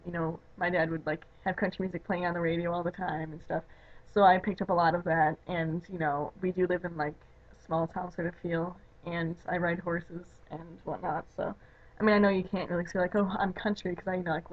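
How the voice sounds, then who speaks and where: A young woman from the Chicago area with a Chicago accent, chatting casually in a home video, rambling with lots of "like" and "you know". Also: lowish voice. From Chicago area, USA. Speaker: vlogger. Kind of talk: casual chat. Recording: dull lo-fi webcam audio.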